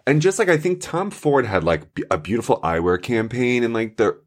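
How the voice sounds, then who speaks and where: A man's voice: medium pitch, sing-song, a little fast. A man in his thirties, a podcast guest on a video call, chatting in a giggly, flirty way. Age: 30s. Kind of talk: casual interview chat.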